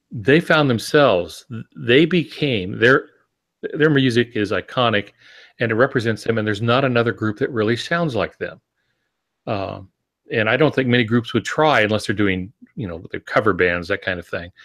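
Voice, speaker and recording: A man with a fairly low voice chats on a podcast about the craft of writing. He explains his ideas in a relaxed, reflective way. He often pauses on ums and restarts his sentences as he thinks aloud. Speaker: podcast co-host.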